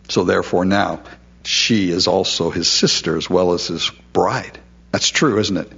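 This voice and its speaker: A man's voice: fairly low pitch, a bit bright, slightly rough, highs cut off. A man preaching a sermon in a conversational way, with frequent asides and quoted voices.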